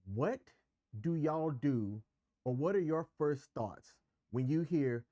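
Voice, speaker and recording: Slow-paced yet expressive, this man's fairly high, dark-toned voice carries a candid, emphatic take as he co-hosts a relationship podcast. He explains his views at length in casual conversation, with no room sound.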